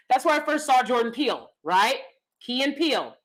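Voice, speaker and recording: A woman in her thirties hosting a casual commentary stream, animated and emphatic, rambling with asides and reacting to chat. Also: a little high, moderate pace, rough recording. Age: 30s. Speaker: commentary channel host.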